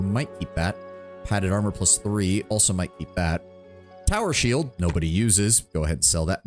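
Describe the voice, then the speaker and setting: Profane streamer playing a video game. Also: male voice, lowish voice. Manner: profane, animated, muttering. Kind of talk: casual game commentary. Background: faint game music.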